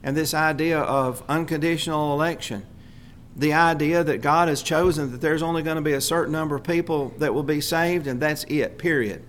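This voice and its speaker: A man preaching a sermon, speaking deliberately and repeating key phrases for emphasis. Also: fairly high pitch, fairly even intonation, a bit bright, a little hiss or hum.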